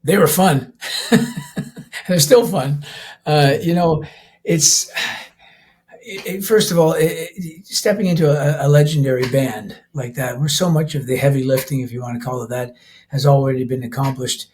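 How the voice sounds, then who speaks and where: A man's voice: on the high side, moderate pace, darkish tone. Rambling older man, easy laughter. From Canada. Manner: rambling with many restarts, laughs easily. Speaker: rock band vocalist and keyboardist, guest. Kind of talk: casual interview talk.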